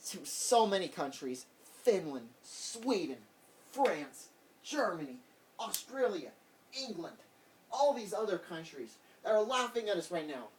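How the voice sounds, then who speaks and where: Man, vlogger, heated rambling rant, repeats himself, sounds far from the mic. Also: high-pitched. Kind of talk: casual political rant to camera. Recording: voice distant from the mic.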